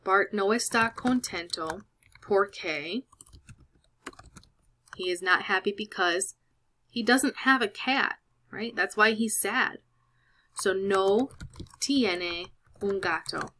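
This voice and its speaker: A woman walks learners through a Spanish worksheet, patient and careful as she explains each step. She talks at an unhurried, slow pace. Her voice has a bright, clear edge. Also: medium pitch, slight background noise. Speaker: Spanish teacher. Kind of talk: screen-recorded lesson walkthrough.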